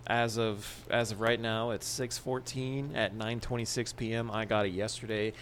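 Excitable, foul-mouthed man chatting about games. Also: on the low side, moderate pace, slight background noise. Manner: excitable, profane, laughs often. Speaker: podcast co-host. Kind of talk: casual podcast chat.

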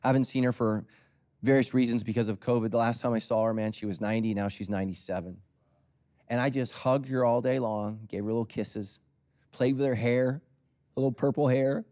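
A man preaching a sermon as a pastor in a conversational, storytelling way, swinging from loud emphasis to near whispers. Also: mid-range voice, steady tone, a little fast.

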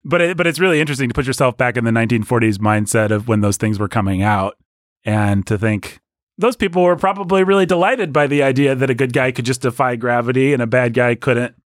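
Animated man co-hosting a podcast. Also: fast talker, dry recording, studio quality. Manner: animated, jumps into high mock voices for jokes. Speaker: podcast co-host. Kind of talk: casual podcast discussion.

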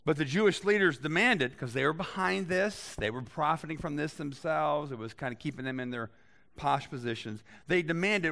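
A man preaching a sermon in a conversational way, reading scripture aloud and adding lively asides to his listeners. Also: on the high side, normal speed. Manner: conversational, animated Bible reading with voiced asides. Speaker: pastor.

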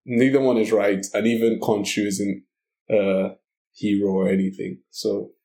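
A man chatting casually as a podcast guest, relaxed and hesitant, with many fillers. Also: on the low side, unhurried. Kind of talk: casual chat.

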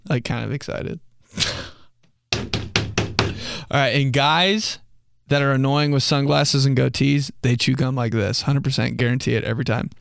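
A man's voice: mid-range voice, moderate pace, creaky, long pauses, fairly bright tone, slight background noise. A young man hosting a comedy podcast, telling stories casually, swearing and laughing at his own jokes. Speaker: podcast host.

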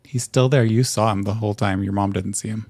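A man narrating a tabletop game as game master, relaxed and halting, with frequent fillers. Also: on the low side, dry recording.

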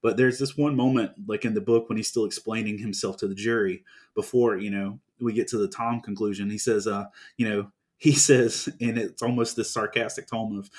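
A man's voice: on the low side, fairly quick. A man co-hosting a podcast in casual chat, talking animatedly and reading lines aloud with feeling. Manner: animated, reads comic quotes aloud with feeling. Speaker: podcast co-host.

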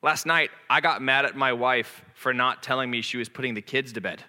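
A man's voice: medium pitch, brisk, pushed and bright. A man in his thirties preaching a sermon as a pastor, earnest, candid and self-deprecating. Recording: long echoing reverb of a large hall.

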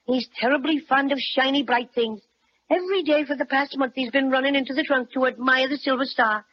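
A woman's voice: high voice, fairly quick. A woman voicing a small, playful male teddy bear with a lilting Irish brogue, in 1930s radio acting. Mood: confiding. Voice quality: lilting brogue, warm and chatty. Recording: dull, lo-fi old radio recording.

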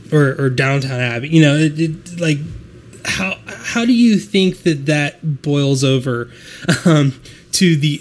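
American podcast host, slightly high male voice, unhurried, curious questioner. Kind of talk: casual podcast discussion.

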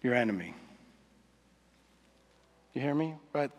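Conversational preacher in an echoing hall. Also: male voice, fairly high pitch, moderate pace, a bit bright. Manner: conversational, confessional, asks the audience often. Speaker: pastor. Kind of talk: sermon. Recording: reverberant hall.

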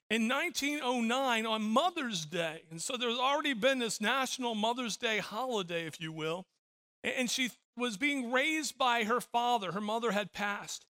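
A man's voice: extremely high pitch, pushed and bright. A middle-aged man preaching a sermon as pastor, telling stories with frequent repeated words.

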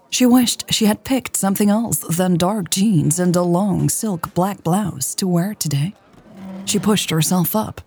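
Slow, soft-spoken woman narrating a story. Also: lowish voice, slightly rough. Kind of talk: audiobook-style story narration.

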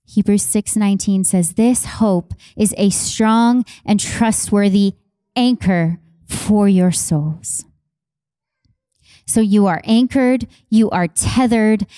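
Passionate woman pastor with a mellow voice. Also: medium pitch, takes it slowly, no echo, studio quality. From Canada. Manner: passionate, repeats phrases for emphasis, conversational asides to congregation. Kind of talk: sermon. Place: church.

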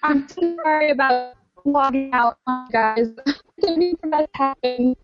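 High-voiced woman on a breaking-up call. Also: a little slow, highs cut off, loud music behind the voice. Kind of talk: casual discussion. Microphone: online call.

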